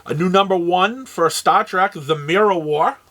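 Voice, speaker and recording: Speaking at a moderate pace, this high-voiced New England man sounds bright and forceful as he hosts a comic shop's rundown of the week's new comics. His delivery is casual and rambling, full of fillers and restarts.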